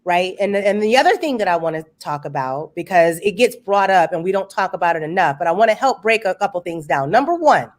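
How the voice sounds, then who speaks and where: A woman's voice: fairly low pitch, animated, brisk, few pauses. A woman hosting an online discussion over a video call, speaking emphatically in a preacherly way and repeating points for stress. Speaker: host. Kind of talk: impassioned discussion.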